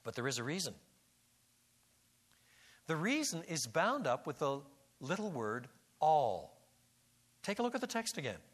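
A man's voice: on the high side, huge pitch swings, measured pace, long pauses, breathy edge. A man giving an expository Bible lecture, repeating and restarting words and rising to emphatic peaks. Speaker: Bible teacher.

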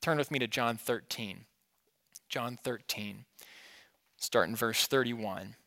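A pastor preaching an expository sermon in a conversational way, asking his listeners questions and swinging between emphatic and quiet. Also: mid-range voice, slow, vocal fry.

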